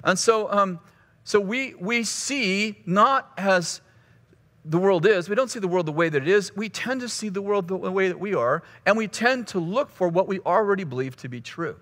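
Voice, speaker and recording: A man's voice: high-pitched, animated, moderate pace, a bit bright. A male pastor teaching a course session in a conversational, teasing way, often restarting his phrases. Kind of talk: teaching sermon with humor. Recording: long hall reverb.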